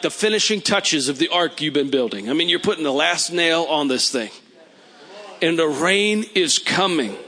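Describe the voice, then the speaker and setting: Fervent preacher man, slightly high voice. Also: a bit bright. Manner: storytelling, then fervent declaring prayer. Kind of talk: sermon with prophetic prayer. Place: church service.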